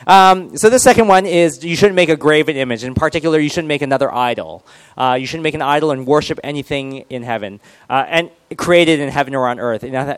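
A man's voice: medium pitch, clean tone, dry recording. A male pastor giving a casual, joking sermon and quizzing his congregation.

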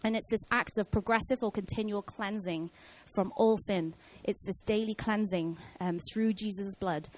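A woman's voice: mid-range voice, steady tone, normal speed, hardly any pauses, a little mellow, poor audio. A woman giving an informal Bible teaching in a casual way, with many fillers and restarts.

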